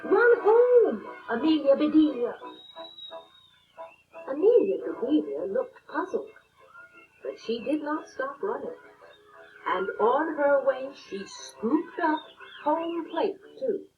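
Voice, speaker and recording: A woman reading a children's picture book aloud in an expressive, deliberate way. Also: high voice. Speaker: storybook reader. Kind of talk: children's story read aloud. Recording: dull lo-fi read-aloud with faint music.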